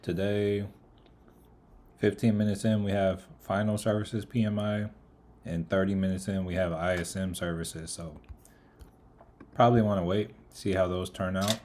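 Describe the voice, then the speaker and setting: A man's voice: low voice, flat delivery, moderate pace, long pauses, a little mellow. A man giving casual live market commentary, eating as he talks and greeting viewers in the chat by name. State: eating, mouth full of food. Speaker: livestream trader.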